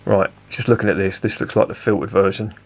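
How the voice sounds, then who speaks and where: Man, low voice, chatty home beer reviewer, swears and self-corrects. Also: fairly even intonation, quick pace, slightly rough. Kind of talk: casual review monologue.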